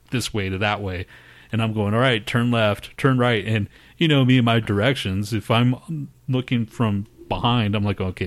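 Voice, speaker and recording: A man co-hosting a podcast, telling a profane, laughing story and mimicking people. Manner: profane, laughing, mimics others in high voices. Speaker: podcast co-host. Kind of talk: casual storytelling chat.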